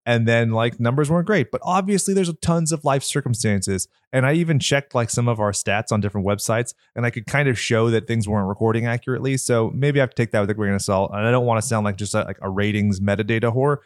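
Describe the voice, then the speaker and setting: A man's voice: mid-range voice, fast, few pauses, no echo. Man, nasal voice, podcast co-host, rambling casual chat, dry close mic. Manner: rambling, candid, lively.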